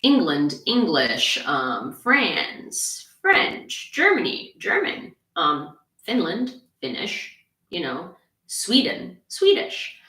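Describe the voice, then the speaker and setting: A woman from Ukraine runs a casual news livestream, sarcastic and blunt as she answers her chat. Her voice sits slightly low. She is recorded a little away from the mic in a roomy, echoing space. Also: huge pitch swings, drawn-out words, pushed and bright, distant mic. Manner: blunt, sarcastic, talks back to chat comments. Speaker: independent news streamer.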